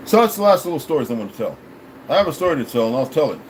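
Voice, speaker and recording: A man's voice: a little high, sing-song, very fast, slight background noise, poor audio. A man hosting a livestream, talking to his viewers in a blunt, profane, preachy way. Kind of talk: rambling casual livestream chat.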